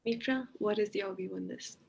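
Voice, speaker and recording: A woman moderating a virtual panel, putting questions to her guests in a friendly, halting way full of fillers. Her voice sits at a middle pitch. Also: creaky, a little mellow. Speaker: host, moderator.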